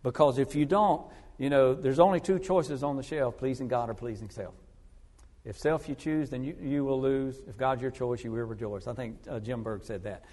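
A man preaching a sermon as an evangelist, telling stories earnestly and moving between loud emphasis and hushed asides. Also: medium pitch, moderate pace. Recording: long reverb of a large hall.

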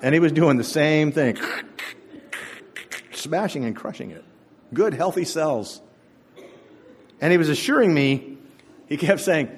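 A man's voice: a little high, lively intonation, a little slow, pauses often, husky. A male pastor giving a sermon to his congregation in a church, telling stories in a conversational, humorous way. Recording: echoey church hall.

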